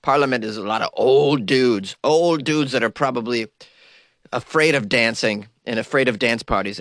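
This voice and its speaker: A man's voice: medium pitch, normal speed, a bit bright, no echo, clean studio sound. A man with a cold reading news items aloud and mocking them in wry comic commentary. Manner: wry, mocking asides between read-outs. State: has a cold. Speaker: host.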